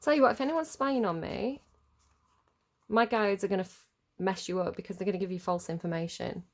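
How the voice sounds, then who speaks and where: Gravelly woman giving a tarot reading. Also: mid-range voice, fairly even intonation, brisk. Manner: rambling, chatty, swears freely. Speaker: tarot reader. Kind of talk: casual tarot reading monologue.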